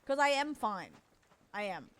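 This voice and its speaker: A woman's voice: mid-range voice, sing-song, a little slow, smooth. A woman livestreaming a game, chatting casually and reassuringly with her viewers. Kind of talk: casual gaming stream chat.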